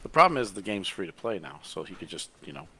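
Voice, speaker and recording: A man's voice: low voice, big pitch swings, quick pace, sharp tone. A man chatting as a fellow player during a game, complaining bluntly and matter-of-factly. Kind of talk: casual chat during a game.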